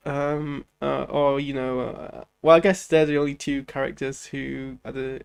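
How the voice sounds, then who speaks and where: A man's voice: medium pitch, little pitch movement, measured pace, gravelly, clear, resonant tone, faint music behind. A man hosting a casual post-watch reaction, rambling loosely with lots of fillers and restarts while he is ill. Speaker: channel host reviewing a show.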